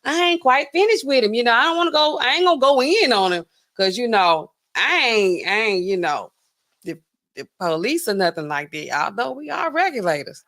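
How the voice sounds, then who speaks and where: A talkative woman hosting a livestream, speaking in a fairly high voice. She keeps up a loose, animated commentary and talks directly to her chat. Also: normal speed. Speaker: livestream host.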